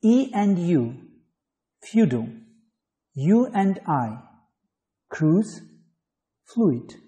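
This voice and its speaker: A man's voice: sits high, sing-song, extremely slow, mellow. A man from Azerbaijan, an English teacher reading letters and example words one at a time in an online phonetics lesson.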